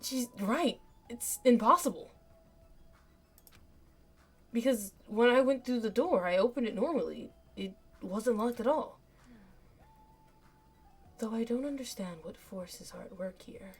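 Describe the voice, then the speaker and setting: A woman streamer reading a game aloud and voicing its characters, animated, with a voice that cracks and goes raspy up high. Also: measured pace, pauses often, soft background music. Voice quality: raspy in higher register. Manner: animated, laughs often, voice cracks on high notes. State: hiccups.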